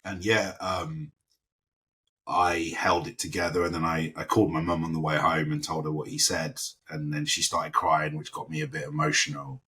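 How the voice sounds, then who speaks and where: A man from London, an actor guest, telling a casual anecdote with animated storytelling and lively quoted impressions. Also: extremely low pitch, normal speed.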